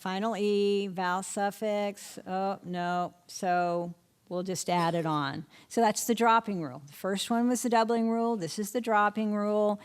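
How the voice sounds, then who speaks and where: A woman's voice: mid-range voice, steady tone, measured pace, clear, resonant tone. Woman teaching spelling rules. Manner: quizzing questions, answering them herself. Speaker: literacy instructor. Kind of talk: spelling lesson to an audience of teachers.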